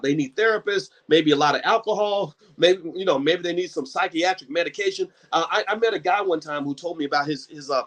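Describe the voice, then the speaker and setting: Animated high-voiced man giving a talk. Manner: animated storytelling with repeated restarts and stammers. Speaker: host. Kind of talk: book club talk.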